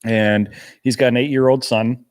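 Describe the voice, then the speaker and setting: An easygoing man chatting on a live fishing show, sometimes talking through a mouthful of food. His voice sits at a plain middle pitch, and his speech is relaxed and conversational. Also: moderate pace, clean tone. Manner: easygoing, talks while eating. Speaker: guest angler. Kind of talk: casual chat.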